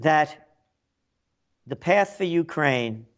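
Slow, sarcastic male radio host. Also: on the high side, lively intonation, muffled recording. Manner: sarcastic, facetious commentary. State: frog in throat, coughing. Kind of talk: talk radio monologue.

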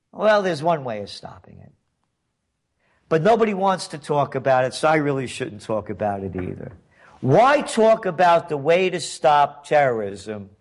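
A man hosting a commentary show, delivering a sarcastic, emphatic political monologue full of rhetorical questions. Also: a little high.

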